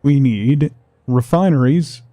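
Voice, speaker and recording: A man chatting casually with his viewers while playing a game on a livestream, relaxed and rambling. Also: medium pitch, slow pace, dry recording, clean studio sound. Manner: relaxed, rambling, talks to chat. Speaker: streamer.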